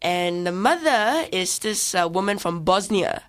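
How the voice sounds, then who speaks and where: A woman's voice: medium pitch, animated, measured pace. A woman co-hosting a casual film review chat, retelling plots in a rambling way and laughing often.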